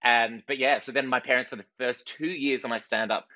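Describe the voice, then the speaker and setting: A man's voice: medium pitch, steady tone, pushed and bright, no room sound, dull audio. A thirty-year-old Australian man, a comedian telling self-mocking stories in a casual interview. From Western Australia. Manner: quick, self-mocking storyteller who acts out quotes. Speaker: comedian guest.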